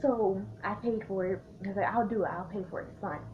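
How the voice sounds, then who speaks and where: A young woman vlogger casually telling a storytime tale in a chatty, animated way, acting out the quotes. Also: medium pitch, fast, a little hiss or hum. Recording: tinny lo-fi sound.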